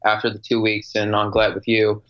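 A man co-hosting a podcast in casual conversation, easygoing and encouraging in a measured way. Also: on the low side, monotone, muffled recording.

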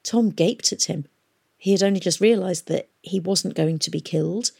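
A woman reading a storybook aloud in a steady, expressive narration. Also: fairly low pitch, moderate pace, gravelly, slightly rough. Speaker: audiobook reader.

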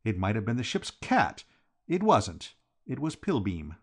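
A man voicing a frantic, rattled young gentleman in an audiobook reading. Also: fairly low pitch, huge pitch swings, unhurried, husky, exaggerated voice. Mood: frantic, rueful.

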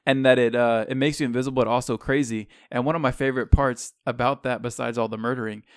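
A man's voice: mid-range voice, fairly even intonation, fast talker, no room sound, clean studio sound. A man co-hosting a casual film podcast, enthusiastic and playful, often laughing. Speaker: podcast co-host.

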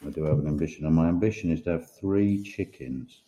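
A man's voice: rumbling low, a little fast, dark tone, roomy sound. A man who is an author talking casually on a podcast, rambling, swearing and laughing often. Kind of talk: casual chat.

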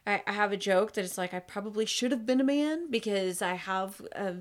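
A woman's voice: medium pitch, brisk. A woman speaking on a casual podcast, blunt and candid, with a loose-mouthed way of talking. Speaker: podcast guest.

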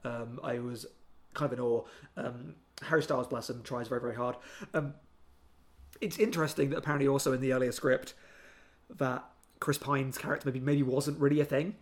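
A chatty man co-hosting a film podcast, talking in an animated, mocking way and slipping into exaggerated impressions now and then. His voice sits at a middling pitch. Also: brisk. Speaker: podcast co-host. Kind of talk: casual film review chat.

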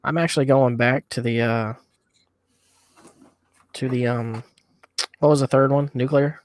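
A man co-hosting a podcast in a relaxed, rambling chat, eating hot wings between sentences. His voice sits at an ordinary pitch and is recorded close and dry, with no room sound. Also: unhurried, dry recording. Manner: easygoing, rambling with fillers. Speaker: podcast co-host.

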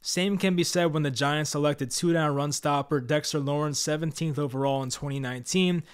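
A man hosting his own channel, giving blunt, frustrated commentary on his football team. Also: on the high side. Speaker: sports commentator, Giants fan channel host. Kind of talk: opinionated scripted commentary to camera.

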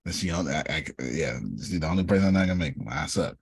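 A man's voice: low voice, fast, husky, dry recording. A man hosting an online workshop in a casual, joking teaching style, often repeating himself for emphasis, heard over a video call.

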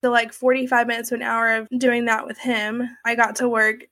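A young woman with a fairly high, pushed, bright voice speaks fairly quickly with little pitch movement. As an interviewee, she recounts a personal ordeal conversationally and emotionally, saying "like" and "you know" a lot.

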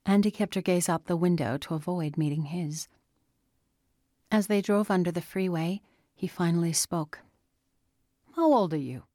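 A woman with a fairly low voice narrates an audiobook from a script, telling the story in a steady, even manner at a moderate pace. The studio sound is clean, with no echo.

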